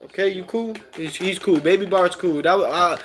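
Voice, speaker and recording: A man's voice: high voice, normal speed. Male stream host; easygoing, chatty, reads comments aloud. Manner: relaxed, reads chat aloud, many fillers. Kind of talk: casual live stream chat.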